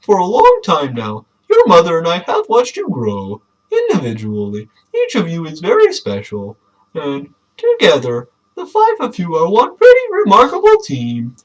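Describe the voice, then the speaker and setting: A man reading aloud mockingly, voicing a preachy, proud dinosaur father in a high, sing-song voice. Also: wildly swooping pitch, normal speed, low-quality recording. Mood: gushing. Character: overly cheerful dinosaur dad, preachy and proud.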